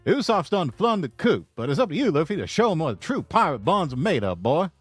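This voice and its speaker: A man doing a pompous, loud old cartoon rooster in a put-on Southern drawl, stammering "I say, boy" as he lectures. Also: a little high, big pitch swings, fairly quick, husky, dry recording, soft background music, voice pushed up. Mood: lecturing. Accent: American Southern (put on).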